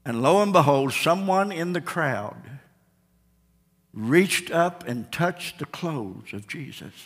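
A male pastor preaching a sermon with dramatic storytelling, swinging between shouts and hushed tones. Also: fairly high pitch, expressive, slow, husky. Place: church sanctuary. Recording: reverberant church hall.

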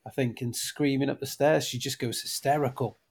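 Gravelly man giving earnest opinions. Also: mid-range voice, steady tone, a little fast, darkish tone. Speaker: podcast panelist. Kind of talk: casual film-panel chat.

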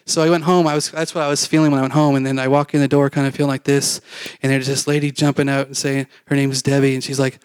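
A man's voice: mid-range voice, little pitch movement, fast talker, clear, resonant tone, no room sound. A man preaching a testimony, telling his story in a rambling, conversational way with fillers and acted-out quotes.

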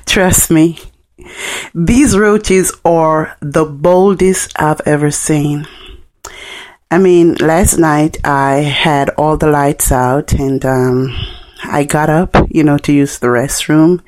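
Woman, Jamaican accent, podcast host, lowish voice, unhurried, casual joking monologue. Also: fairly even intonation, a little mellow. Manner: chatty, joking, laughing between lines.

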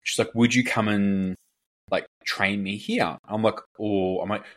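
Low-voiced man telling stories. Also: fairly even intonation, measured pace, fairly bright tone. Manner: rambling storyteller, heavy filler words, acts out quoted people. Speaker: fitness coach and podcast co-host. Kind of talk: casual podcast chat.

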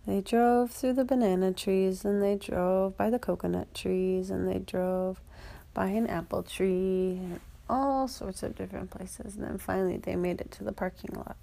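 A woman's voice: mid-range voice, fairly even intonation, moderate pace, creaky, warm tone. A woman making up a children's story as she goes, rambling along with fillers and restarts. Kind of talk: improvised children's story narration.

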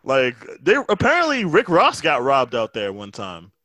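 A man's voice: medium pitch, moderate pace, dry recording. A man co-hosting a casual phone chat, joking and swearing, with many "like" fillers and restarts. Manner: animated, joking, profane, hesitant with fillers. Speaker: podcast co-host. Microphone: phone call.

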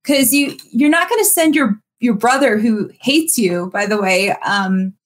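A woman's voice: fairly high pitch, measured pace. A woman co-hosting a podcast, explaining her view at length in casual chat with many ums and uhs.

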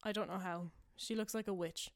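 A woman's voice: mid-range voice, steady tone, a little fast. A young woman hosting a podcast, rambling casually through a made-up story, full of fillers and self-amused asides. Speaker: podcast host.

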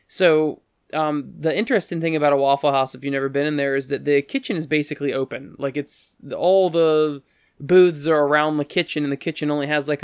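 A man's voice: clear, resonant tone, dry recording, clean studio sound. A man telling a rambling story in casual chat, breaking into quoted voices now and then. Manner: rambling, acts out quoted voices with pitch jumps.

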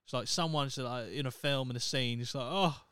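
A man's voice: mid-range voice, moderate pace, sharp tone, clear, resonant tone, no room sound, clean studio sound. A young man hosting a solo podcast, talking in a blunt, sweary, opinionated way. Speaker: podcast host. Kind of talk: casual solo podcast rant.

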